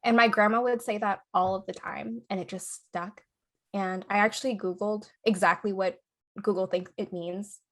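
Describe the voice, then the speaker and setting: A woman's voice: medium pitch, fairly even intonation, normal speed, a bit bright. A young adult woman co-hosting a podcast in casual chat, laughing often and tagging her points with "right?" and "okay?". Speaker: podcast co-host.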